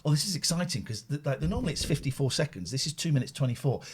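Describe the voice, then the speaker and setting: Man hosting live chat show, kinda higher voice, goofs around a lot. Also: expressive, racing, breathy edge, soft background music. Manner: jokey, rambling, puts on silly voices. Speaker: host.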